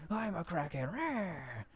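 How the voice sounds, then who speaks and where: A man voicing a wild, manic young football player who shouts in a high, frenzied voice. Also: very animated, very slow, heavily acted.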